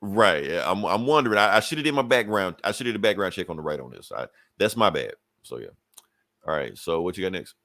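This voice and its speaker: A man's voice: low-pitched, very animated, quick pace, a bit bright, dry recording. A man co-hosting a podcast, casually retelling a comic book story and acting out the characters' lines with cursing. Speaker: podcast co-host.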